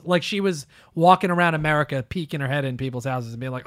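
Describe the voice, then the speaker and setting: A man's voice: on the high side, quick pace, few pauses, dry recording, studio quality. A man hosting a podcast, ranting sarcastically about the news in casual chat. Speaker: podcast host. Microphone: close studio mic.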